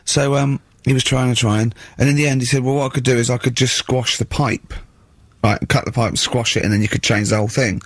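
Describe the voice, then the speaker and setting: Man, radio co-host, casual storytelling, dry close mic, average pitch. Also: steady tone, a little fast, no room sound. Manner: wry anecdotes, quoting people in voices.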